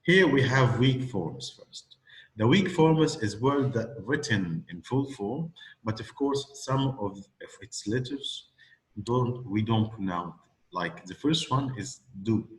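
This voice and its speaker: A man's voice: medium pitch, animated, slow, poor audio. A man teaching English pronunciation, patiently modelling phrases for a student. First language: Arabic. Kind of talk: classroom lesson with a student.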